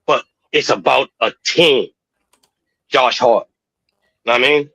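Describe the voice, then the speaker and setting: A man co-hosting a casual sports talk show, profane and animated, who keeps saying "know what I mean.". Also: mid-range voice, takes it slowly, vocal fry, slightly rough, dry recording, poor audio. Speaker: podcast co-host.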